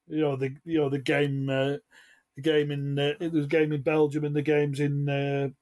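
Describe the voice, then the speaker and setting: A man's voice: on the high side, monotone, moderate pace, darkish tone. A man, a football reporter chatting on a podcast, rambling with many fillers. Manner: rambling, lots of uh and you know. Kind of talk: casual football podcast chat.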